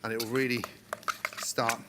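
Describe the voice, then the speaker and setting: A man demonstrating a recipe step by step in a relaxed, encouraging way, as on a cooking show. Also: mid-range voice, normal speed, very noisy. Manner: relaxed, encouraging, talks through each step.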